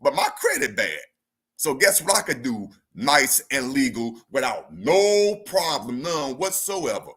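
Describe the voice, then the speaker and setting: A man hosting a livestream, teaching in a casual, animated way, using slang and repeating his key points. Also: mid-range voice, measured pace, husky. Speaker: financial educator hosting a livestream.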